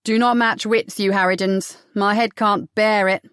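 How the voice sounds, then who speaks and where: A daring young woman talks with breezy, cheeky confidence, as a woman narrator puts her on. She sounds bold and quick to take charge. The audiobook recording is dry and close. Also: mid-range voice, dry recording, natural voice.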